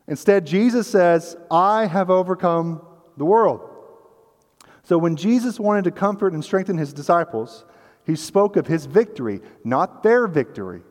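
A man's voice: high voice, animated, a little slow, pauses often. A man preaching a sermon as pastor of a church, earnest and conversational, sometimes acting out the voices in the story. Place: church sanctuary. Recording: long hall reverb.

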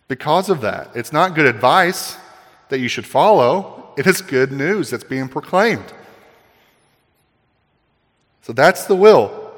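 Male pastor, conversational preaching style, mid-pitched, recorded with hall reverb. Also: a bit bright. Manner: conversational, jokey preaching with rhetorical questions. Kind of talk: sermon.

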